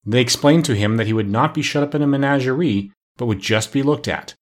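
A man reading a classic children's story aloud with expressive, animated storytelling. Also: medium pitch, a little fast. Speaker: storybook narrator.

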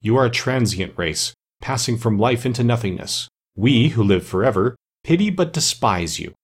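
A man with a husky voice voicing a grave, bearded immortal ruler of the forests who speaks calmly and sternly. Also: mid-range voice, normal speed.

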